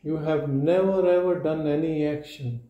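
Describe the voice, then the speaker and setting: A man giving a meditative spiritual talk at a live gathering, in slow, measured short statements with long pauses. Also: fairly high pitch, steady tone, lo-fi sound. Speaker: spiritual teacher. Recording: roomy echo.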